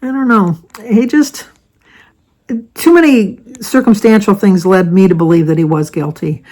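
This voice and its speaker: A woman's voice: mid-range voice, moderate pace, darkish tone, rough recording. Older woman from the US, casual vlog chat, rambling and self-correcting. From United States. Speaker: vlogger.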